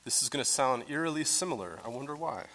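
A man's voice: medium pitch, lively intonation, fast, sharp tone. Man preaching in a reverberant church. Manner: conversational, explanatory, with fillers. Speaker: pastor. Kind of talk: teaching sermon. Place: church sanctuary.

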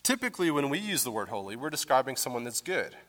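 A pastor teaching a conversational sermon in a church, explaining scripture with casual fillers. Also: male voice, mid-range voice, sing-song, quick pace, a bit bright, big-room sound. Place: church sanctuary.

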